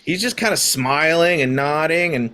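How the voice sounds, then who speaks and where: A man narrating as game master of a tabletop game, halting with many fillers. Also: a little high, bright, forceful tone.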